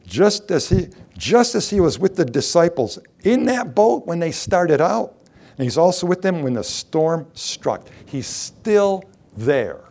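A man's voice: fairly high pitch, very animated, unhurried, a little mellow. A middle-aged man preaching a sermon, asking rhetorical questions and reading scripture aloud.

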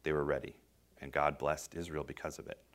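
A middle-aged man preaching a sermon, swinging between loud emphatic bursts and quiet, low phrases. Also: steady tone, fairly quick.

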